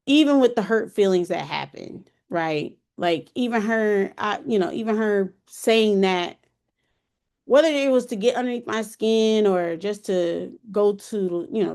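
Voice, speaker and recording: A woman's voice: medium pitch, a little mellow. A woman in her thirties hosting a podcast, telling a personal story in a candid, emotional, colloquial way. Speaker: podcast host.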